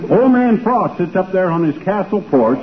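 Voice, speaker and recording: An actor playing a folksy, blustering small-town husband who spins tall tales, in a 1940s radio comedy. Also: male voice, sits high, very animated, normal speed. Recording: tinny old radio broadcast with faint hiss.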